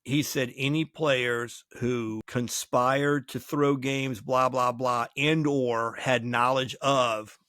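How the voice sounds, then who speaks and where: A man's voice: medium pitch, fairly even intonation, takes it slowly, hardly any pauses, sharp tone, no room sound, clean studio sound. Man telling a story, acting out dialogue. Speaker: podcast co-host. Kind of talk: casual podcast chat.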